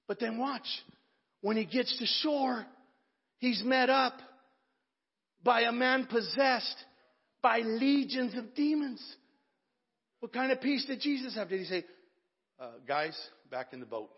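Husky high-voiced man preaching a sermon. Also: a little slow, pauses often. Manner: impassioned, dramatic preaching. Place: church sanctuary. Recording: echoey hall, dull lo-fi sound.

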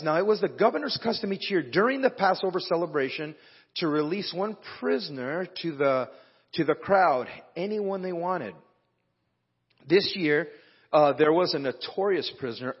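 A pastor with a fairly high, husky voice gives a conversational sermon, pausing the reading to talk to those gathered. It's a church hall with a live band, and the dull lo-fi recording has long hall reverb.

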